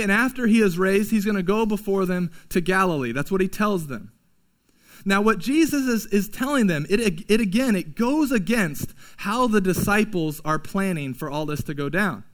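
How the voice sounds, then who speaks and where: A pastor with a fairly high voice preaches a sermon, keeping it relaxed and conversational. He drops playful, slangy asides between his points. It sounds like a sermon in church.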